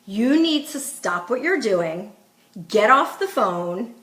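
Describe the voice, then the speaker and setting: A middle-aged woman who coaches parents, speaking in a fairly high voice with firm, instructive emphasis. She chats casually to her viewers and acts out what she says to her children. The room around her sounds echoey. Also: very animated, takes it slowly, fairly bright tone. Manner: emphatic, instructive, quotes herself to her kids. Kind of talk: casual live-stream talk to viewers.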